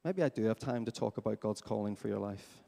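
A man preaching a sermon as pastor in a church, lively and questioning his congregation. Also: lowish voice, fairly quick, gravelly. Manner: animated, asks the congregation questions. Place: church hall. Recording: long hall reverb.

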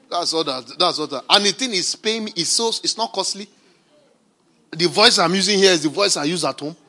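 A man preaching a sermon as pastor, swinging from shouted declarations to quiet, chatty asides. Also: high voice, normal speed.

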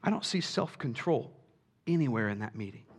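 A man preaching a sermon, animated, swinging from quiet asides to shouts and acting out quoted voices. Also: medium pitch, a little fast, husky. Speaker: pastor.

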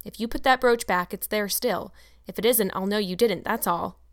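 A woman's voice: mid-range voice, moderate pace, close to an everyday voice. Woman playing a stern, strict older woman. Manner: stern, sharp.

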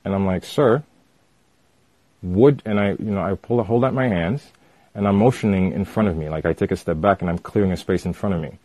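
A man casually telling a personal story with animated retelling and lots of fillers. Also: deep voice, quick pace, no echo.

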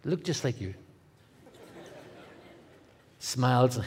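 A middle-aged man with a Northern Irish accent, a guest speaker telling his testimony in a comic, animated way, dropping to a hush and rising loud. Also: medium pitch, slow, pauses often, a little hiss or hum. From Northern Ireland. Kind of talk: testimony storytelling.

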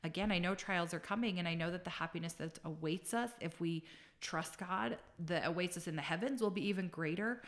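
A woman with a fairly low voice, sharing a personal faith testimony as a guest. She sounds sincere and reflective, pausing now and then to find the right words. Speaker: interview guest.

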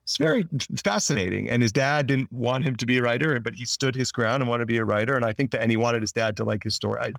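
A man's voice: mid-range voice, fast talker, gravelly, few pauses, no room sound. A man, an actor being interviewed, telling stories in a rambling, casual way, often restarting his sentences. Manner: rambling storyteller with frequent restarts; acts out quoted lines in lively voices. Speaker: actor guest.

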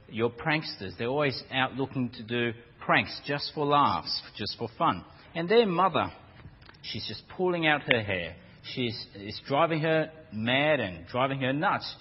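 Male preacher, animated storytelling sermon, husky, long hall echo. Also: mid-range voice. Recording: dull lo-fi church recording with long reverb.

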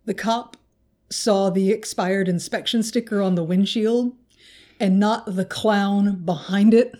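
A woman's voice: medium pitch, warm tone. A woman co-hosting a casual podcast, telling a comic story with lots of laughter and swearing. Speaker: podcast co-host.

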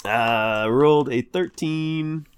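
A man's voice: fairly high pitch, takes it slowly, background noise. A man playing a tabletop game, chatting casually and laughing between words. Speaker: player. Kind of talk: casual chat.

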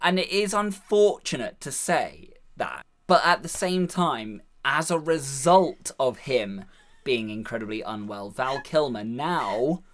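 Woman, podcast co-host, casual film talk, low pitch, lively swings in pitch. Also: slow. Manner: animated, laughs, gets loud when excited.

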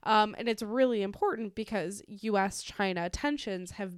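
Smooth-voiced woman chatting casually on a podcast. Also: medium pitch, moderate pace, no room sound, studio quality. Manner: chatty, swears freely, laughs often. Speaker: podcast co-host. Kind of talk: casual news chat.

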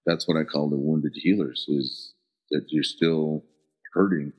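A middle-aged man from the American Southwest telling personal stories as an interview guest, earnest and halting, often pausing to search for words. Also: rumbling low, steady tone. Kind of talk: reflective personal storytelling. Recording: dull lo-fi recording.

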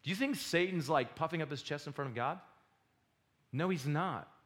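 A man preaching a sermon, swinging between loud exhortation and quiet confession. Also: on the high side, moderate pace. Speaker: pastor.

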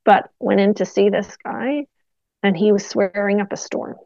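A middle-aged woman physiotherapist, a guest telling animated stories from her clinical work in a casual interview. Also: mid-range voice, normal speed, vocal fry, dry recording, dull audio. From Canada. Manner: animated anecdotes with quoted dialogue.

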